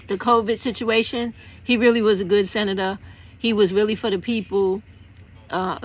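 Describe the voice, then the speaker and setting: A woman's voice: mid-range voice, fairly bright tone. A woman talking bluntly and passionately to her viewers, swearing freely as she explains civic action. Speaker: vlogger. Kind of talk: casual political talk to camera.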